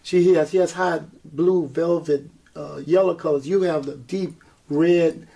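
A man's voice: on the high side, unhurried, gravelly. A man, a singer, telling his story in an interview, acting out what people said to him and laughing often. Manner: animated storyteller, acts out quotes, laughs often. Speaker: guest singer and performer.

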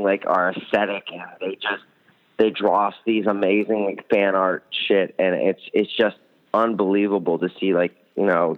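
A young man, a band's musician, chatting casually in an interview, rambling with lots of fillers. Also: low-pitched. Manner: rambling, many fillers, enthusiastic. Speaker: band musician, guest. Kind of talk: casual interview over phone. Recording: tinny phone line.

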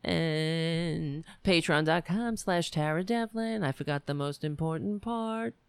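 A woman with a raspy voice hosting a political commentary show, emphatic and repetitive, often restarting her sentences. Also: sits low, measured pace, dry recording. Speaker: show host. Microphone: home computer setup.

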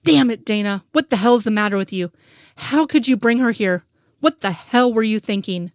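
A woman's voice: a little high, normal speed, no echo, clean studio sound, lightly acted. A woman voicing an angry man who blames and questions others in an audio fanfic reading. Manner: yelling, accusing. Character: angry, blaming man at a rescue.

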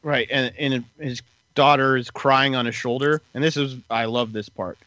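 Bright-voiced man rambling through a recap. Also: mid-range voice, moderate pace, no echo, highs cut off. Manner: relaxed, rambling retelling with many fillers. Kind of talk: casual podcast recap chat.

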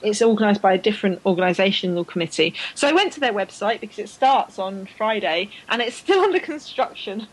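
A woman's voice: mid-range voice, animated, brisk, hardly any pauses, low-quality recording. A woman hosting a podcast in casual chat, rambling with fillers and restarts, enthusiastic about her subject. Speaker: podcast host.

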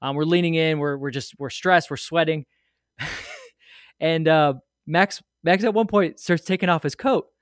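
Lively man telling a rambling story. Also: on the high side, normal speed, clean tone, dry recording, clean studio sound. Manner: rambling, animated storyteller with many fillers and asides. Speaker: guest sharing a fan memory. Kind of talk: casual storytelling.

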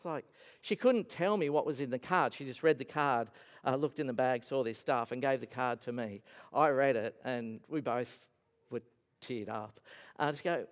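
A man's voice: mid-range voice, moderate pace, in a large hall. A man preaching a sermon as a pastor, telling stories earnestly with emphatic rises and falls. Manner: earnest storytelling, voice rising and falling with emphasis. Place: church hall.

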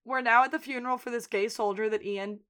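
Animated woman recapping a TV episode. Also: on the high side, fast. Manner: animated retelling with acted-out quotes. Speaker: podcast co-host. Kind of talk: casual recap chat.

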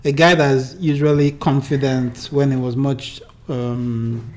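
A man's voice: medium pitch, level tone, slow, a little mellow. A man hosting a casual chat, asking questions with repeated restarts and explaining ideas. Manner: stammering questions, explaining theories.

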